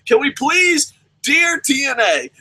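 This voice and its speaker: A man's voice: very high voice, very animated, takes it slowly, bright, forceful tone, poor audio. A young adult man ranting through a profane wrestling review, swearing nonstop and mocking the people he talks about. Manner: swears constantly, rants, mimics people mockingly.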